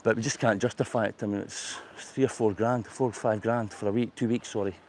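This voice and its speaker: A man's voice: lowish voice, fairly even intonation, fast talker, slight background noise. A man with a Scottish accent chatting easily on an outdoor seafront walk, recorded on a lapel mic. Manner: easygoing, with frequent "eh" fillers. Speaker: guest on a walk. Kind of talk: casual conversation while walking. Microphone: wireless lapel mic.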